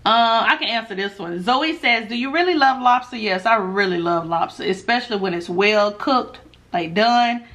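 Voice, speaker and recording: A woman chatting casually while she eats on camera, reading viewer questions aloud and answering in a laid-back, animated way that often breaks into laughs. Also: a little high, moderate pace. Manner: animated, laughs often when telling stories. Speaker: mukbang vlogger.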